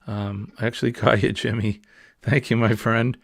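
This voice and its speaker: A man's voice: fairly low pitch, level tone, normal speed, creaky, dry recording, studio quality. A man with a New England accent hosting a casual, rambling morning livestream chat. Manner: chatty, rambling, easygoing. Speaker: livestream host.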